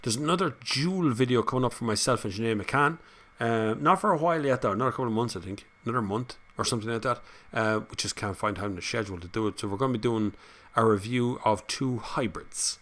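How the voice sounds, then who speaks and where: A man's voice: medium pitch, fast, fairly bright tone. Irish male host, casual rambling chat, laughs a lot, mid-range voice. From Ireland. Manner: chatty, rambling, laughs often. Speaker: host reading viewer comments.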